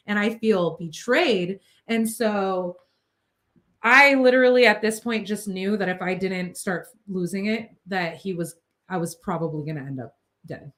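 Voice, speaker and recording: Woman telling a personal story, animated. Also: lowish voice, moderate pace. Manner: emotional, tumbling, filler-heavy retelling. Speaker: vlogger.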